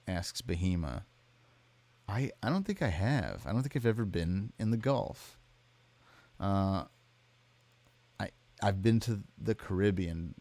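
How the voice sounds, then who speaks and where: A tired man live-streaming, reading out chat messages and answering them in a deadpan, rambling way. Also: sits low. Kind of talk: casual chat.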